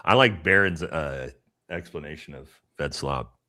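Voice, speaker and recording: A man's voice: extremely low pitch, unhurried, pushed and bright. A man giving blunt, casual commentary as a panelist on a live stream, pressing his points with rising emphasis.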